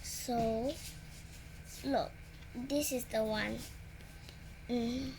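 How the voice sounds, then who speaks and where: A six-year-old girl reading her own picture book aloud, slow and halting, pointing at the pictures as she goes. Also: on the high side, steady tone, creaky, background noise. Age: 6 years old. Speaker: child storyteller.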